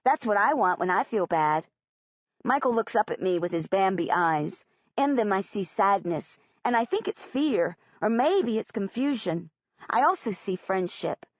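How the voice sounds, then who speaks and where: A woman reads a first-person audiobook with a lively, expressive pitch. She speaks plainly and clearly. The recording is dry and a little muffled. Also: dry recording. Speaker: audiobook narrator.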